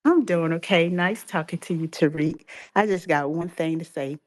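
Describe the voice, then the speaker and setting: A woman's voice: on the low side, normal speed, dry recording. A woman calling in to a show, curt and dismissive. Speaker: caller.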